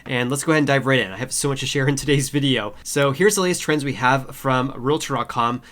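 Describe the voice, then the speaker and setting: A man hosting his own explainer video, his voice nasal and stuffy from a cold. He talks casually at a middling pitch, fills gaps with "uh" and repeats his key points for emphasis. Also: fast, a bit bright. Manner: frequent uh fillers, repeats key figures. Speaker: housing market video host. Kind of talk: casual explainer talk to camera.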